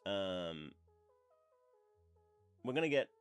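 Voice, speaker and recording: On his livestream, a man with a deep, clean-toned voice chats casually in a sing-song, very slow way, rambling with plenty of fillers. He sounds a bit stuffy from blowing his nose, and soft music plays behind him.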